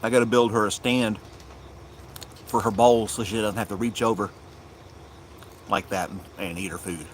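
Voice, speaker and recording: A man chatting casually on a live stream in his yard, rambling and unhurried, talking fondly to his dog. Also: lowish voice, steady tone, slight background noise. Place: outdoors in a yard.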